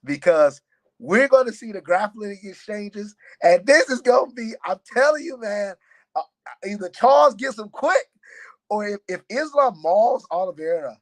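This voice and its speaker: A young man, a fighter, chatting on a podcast and telling stories in a loose, animated way, full of "man" and "you know.". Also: high-pitched, normal speed. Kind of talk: casual podcast chat.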